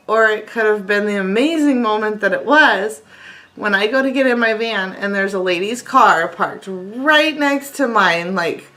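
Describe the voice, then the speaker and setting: A channel host in her thirties, this woman has a mid-range voice with a sharp tone. In a casual devotional talk she recounts a personal story earnestly and reads scripture aloud.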